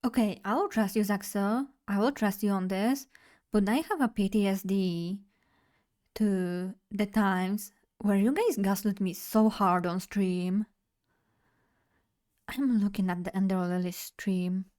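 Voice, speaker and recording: A woman's voice: medium pitch, steady tone, measured pace, darkish tone. A young woman streamer in casual live chat, playful and chatty as she talks to her viewers.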